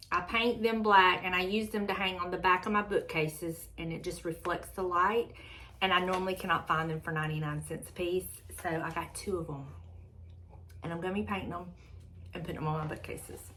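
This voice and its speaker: A middle-aged woman with a Southern American accent, chatting casually to camera in an excitable, drawn-out way. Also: on the low side, a little hiss or hum. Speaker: lifestyle vlogger.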